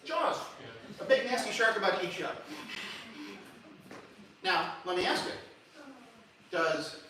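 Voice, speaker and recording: A man's voice: sits high, measured pace. A man giving a public lecture with lots of restarts, humming and singing short examples as he goes. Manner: animated, many restarts, sings and hums examples. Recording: echoey hall recorded from far.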